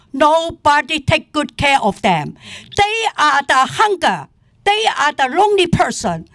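An older woman who runs a senior center, testifying at a public hearing in an animated, indignant way and laughing often. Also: extremely high pitch, vocal fry, no echo. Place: council committee room.

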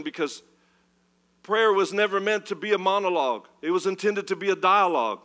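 A man preaching a sermon as pastor, animated and swinging between loud, urgent passages and hushed ones. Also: high-pitched, brisk. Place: church.

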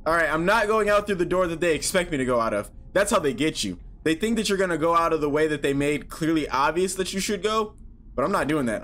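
A man giving horror game commentary, talking to himself, swearing, and yelping when startled. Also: a little high. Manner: jumpy, talks to himself, swears, yelps and shouts when startled. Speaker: gaming YouTuber.

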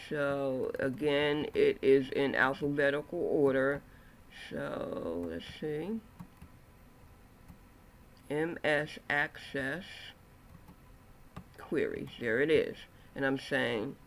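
Slow, patient man walking through a software tutorial. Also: fairly high pitch, slight background noise. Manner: slow step-by-step walkthrough with frequent okays and ums. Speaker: software instructor. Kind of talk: screen-recorded software tutorial.

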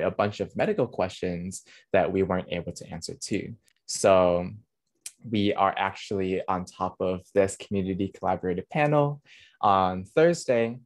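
A man's voice: low voice, no room sound. A man hosting a panel webinar, thanking guests and making announcements over a video call mic. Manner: warm, emotional thanks and announcements. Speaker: webinar host.

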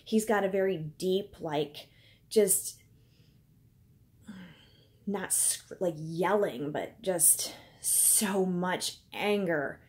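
Speaking very slowly with long pauses, a woman in her thirties tells a personal story for a casual home vlog, chatty and filler-heavy, voicing the people involved. Her tone is lowish and darkish, and she's indoors at home.

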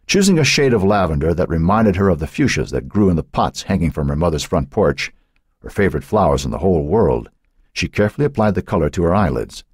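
A man narrating an audiobook in a dramatic, measured storytelling manner. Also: deep voice, big pitch swings, darkish tone, slightly rough, no echo, studio quality. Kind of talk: scripted narration.

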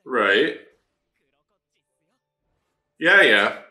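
Excitable man reacting, bright and lively. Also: medium pitch, drawn-out words, faint music behind. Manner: excitable, laughs often, swears freely. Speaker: anime reaction channel host. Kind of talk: casual reaction commentary. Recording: roomy echo.

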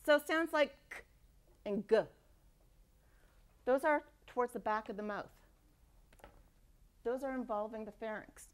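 A woman giving a university lecture, lively and demonstrating speech sounds aloud. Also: a little high, a little slow, pauses often. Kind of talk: classroom lecture. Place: lecture hall.

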